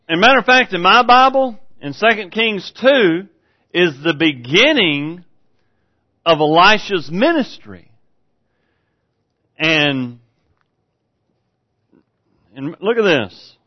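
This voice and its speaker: Male pastor with a high voice, mid-sermon, swings from easygoing storytelling to fired-up bursts, muffled lo-fi sound. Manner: builds from easy storytelling to loud, excited high peaks.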